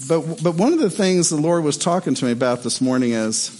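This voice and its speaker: A middle-aged male pastor preaching with a fairly high voice. He tells stories in an animated, lively way, with his voice climbing as he gets worked up. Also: fairly quick, slight background noise. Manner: animated storytelling, voice rising in excitement. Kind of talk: sermon.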